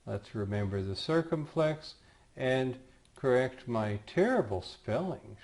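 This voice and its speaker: Slow, patient male language teacher. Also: mid-range voice, animated, a little mellow. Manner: self-deprecating asides. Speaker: Greek teacher. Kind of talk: recorded lecture.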